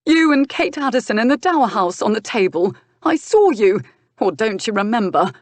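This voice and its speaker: A woman's voice: mid-range voice, expressive, moderate pace, dry recording, voice pushed up, lightly acted. Woman voicing a furious young duke. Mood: angry. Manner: shouting, sneering outbursts. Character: young hot-headed duke, jealous and furious. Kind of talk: audiobook character voice.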